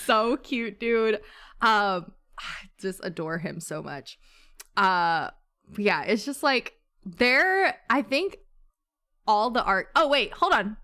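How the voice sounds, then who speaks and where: A woman's voice: medium pitch, expressive, slow pace, pushed and bright. A woman chatting casually about a book with friends, gushing and swearing freely, with lots of fillers. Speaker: book club member. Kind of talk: casual chat.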